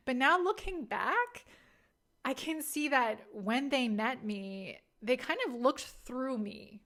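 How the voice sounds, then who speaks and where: A woman in her thirties hosts a podcast, delivering a casual storytelling monologue full of candid, self-deprecating stories and frequent laughter. Her voice is a little high, expressive, and a bit bright, at normal speed.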